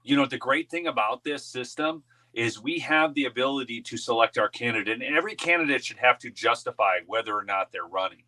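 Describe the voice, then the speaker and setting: A man hosts a political talk show in a relaxed, folksy way. He calls his listeners folks and slips in sponsor plugs. His voice is bright and forceful. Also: medium pitch, brisk, few pauses.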